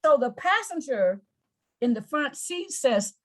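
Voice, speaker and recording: A woman's voice: sits high, sing-song, unhurried. A woman anger management coach in an interview, explaining earnestly with examples and often repeating words.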